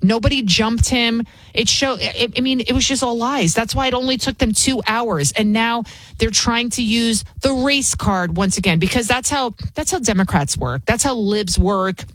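A woman's voice: on the high side, normal speed, fairly bright tone, dry recording. A woman, hosting an opinionated commentary show in an indignant, repetitive rant.

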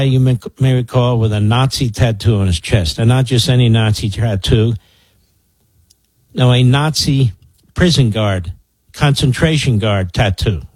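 A man's voice: medium pitch, a little mellow, slightly rough, no echo. A man in his sixties from the Philadelphia area, hosting a political talk radio show in a sarcastic, combative way. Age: 60s.

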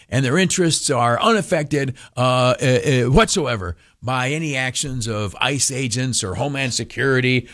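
A man hosting talk radio, giving sarcastic political commentary with many fillers and restarts. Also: medium pitch.

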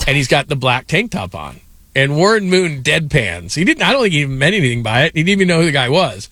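A man's voice: a little high, big pitch swings, fast, a bit bright, no echo. A middle-aged man hosting sports radio, telling rambling stories full of fillers and laughs. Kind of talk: casual sports talk.

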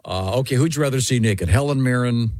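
A man's voice: medium pitch, fairly quick, darkish tone, dry recording, studio quality. A man co-hosting a radio show, cracking crude jokes in casual banter.

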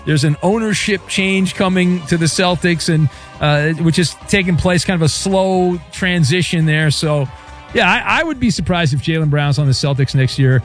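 A man's voice: a little high, normal speed, soft background music. A man hosting a casual sports talk radio show, reading listener answers and joking around. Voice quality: playful, loose delivery with shouted bits.

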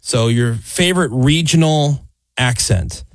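A man hosting a morning radio show, joking and animated, with quick asides. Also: mid-range voice, dry recording, clean studio sound. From US mid-Atlantic. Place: radio studio. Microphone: studio microphone.

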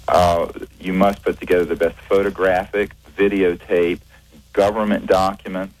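A very deep-voiced man talks as a guest on a radio interview. He speaks in a measured way, pausing often and restarting his sentences. The sound has the quality of a radio broadcast. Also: no echo, rough recording. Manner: measured, hesitant, many fillers and restarts. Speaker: guest, researcher.

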